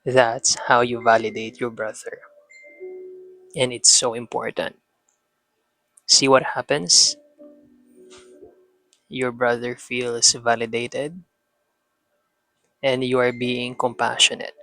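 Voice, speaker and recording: Slow, flat-voiced father giving advice. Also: medium pitch, gravelly, faint music behind. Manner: calm, instructive, repetitive. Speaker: parenting vlogger addressing a son. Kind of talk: advice monologue.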